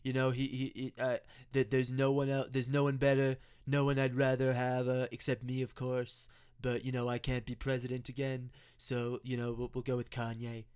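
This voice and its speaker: A man's voice: mid-range voice, completely flat delivery, normal speed, hardly any pauses, a little mellow, smooth, close to an everyday voice. A man doing an impression of a boastful male politician who halts and restarts as he endorses someone.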